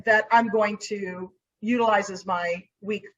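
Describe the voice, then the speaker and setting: A woman's voice: mid-range voice, a little slow, dull audio. A woman private investigator telling a story in a casual interview, acting out what she said to people along the way. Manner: animated storyteller acting out her own lines.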